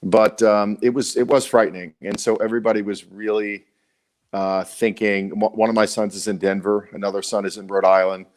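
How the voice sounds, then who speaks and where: Tired, halting Baltimore man co-hosting. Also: lowish voice, little pitch movement. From Baltimore, USA. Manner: halting, restarts often, earnest. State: tired after illness. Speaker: co-host. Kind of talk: casual live show chat.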